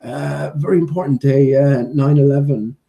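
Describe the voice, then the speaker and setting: A man talks to his viewers in a loose, rambling way, with plenty of ums and restarts. His voice is mellow and warm. Now and then he breaks off to mock-scold a dog at his feet. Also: medium pitch, steady tone, moderate pace, gravelly. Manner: rambling, with many fillers and restarts; playfully scolds his dog between thoughts. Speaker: vlogger. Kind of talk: casual vlog chat.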